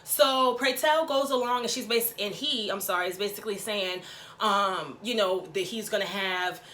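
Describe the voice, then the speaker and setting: A woman's voice: medium pitch, normal speed, fairly bright tone, a little hiss or hum. A woman vlogger giving a sassy, chatty recap of a TV episode, tagging her sentences with "okay?". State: out of breath. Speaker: YouTube vlogger. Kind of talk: casual TV recap vlog.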